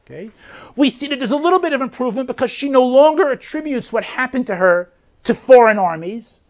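A woman's voice: high voice, animated. Woman teaching scripture, muffled recording. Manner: chants Hebrew verses slowly, then explains them in plain English; asks rhetorical questions to lead the listener. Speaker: Bible teacher. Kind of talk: verse-by-verse text lesson.

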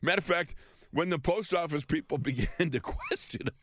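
A man telling a story in animated chat, excitable, often laughing and repeating himself. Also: on the high side, brisk.

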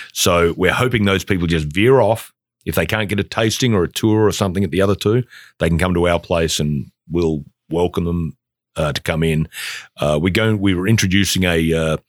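A man's voice: deep voice, no echo, clean studio sound. A man from Australia, a guest chatting eagerly on a podcast about his business, rambling with plenty of fillers. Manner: enthusiastic, rambling with many fillers. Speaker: guest, bourbon company founder. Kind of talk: casual podcast chat.

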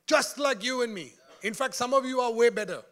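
A man preaching a sermon in an animated, joking way, often laughing and calling out to his congregation. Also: very high voice, brisk.

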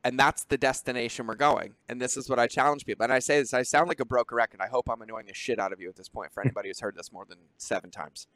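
Animated man swearing on a dry podcast mic. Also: mid-range voice, no room sound. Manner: animated, swearing, quick asides. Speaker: podcast host. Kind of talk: casual podcast conversation.

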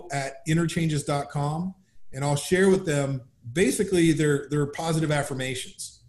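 Male interview guest, upbeat and animated, telling a story, slightly high-pitched voice, recorded with a roomy echo. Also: moderate pace. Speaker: guest, business founder. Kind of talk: conversational storytelling.

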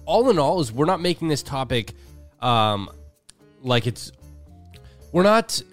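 A man co-hosting a casual podcast, talking in an animated way with quick restarts and playful voice shifts. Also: medium pitch, soft background music. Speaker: podcast co-host.

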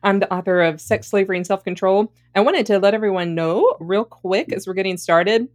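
A woman's voice: mid-range voice, a little fast. A woman with a Southern US accent co-hosts a podcast in an upbeat, friendly way. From Deep South, US. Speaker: podcast co-host, author.

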